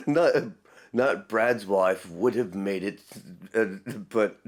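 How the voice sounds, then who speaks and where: A man chats through a reaction video in a low, slow voice. His pitch swings widely as he rambles, and he breaks into laughter often. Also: expressive. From Texas. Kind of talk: casual reaction commentary.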